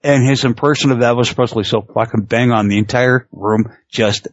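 A man's voice: mid-range voice, moderate pace, no echo. A middle-aged man in casual chat who laughs often, swears freely and tells stories with energy. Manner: laughs often, profane, animated storytelling. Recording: dull lo-fi sound.

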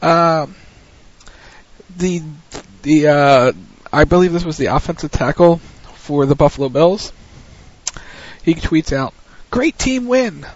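Male podcast co-host, slightly high voice, jokey, muffled recording. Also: fairly even intonation, slow pace, long pauses. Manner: jokey, laughs at his own reading. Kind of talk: casual chat reading tweets aloud.

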